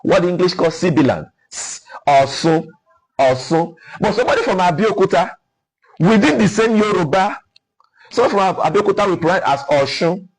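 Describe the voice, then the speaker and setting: A fast-talking, expressive man with a high, breathy voice is heard on a low-quality recording. He is a middle-aged guest from Ukwuani, Delta, Nigeria, with a Nigerian accent, explaining things in a lecturing style and sounding out example words.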